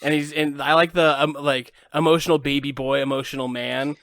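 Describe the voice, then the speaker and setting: A man's voice: a little high, level tone, a little fast, a bit bright, clean tone, no room sound, studio quality. A man in casual podcast chat, laid-back, with chuckling asides.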